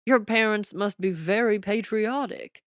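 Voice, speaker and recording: A woman voicing an older male American president with a booming, slightly raspy voice and a Texas twang, in an audiobook. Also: measured pace, dry recording, clean studio sound, lightly acted. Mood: folksy. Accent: Texas twang, put on.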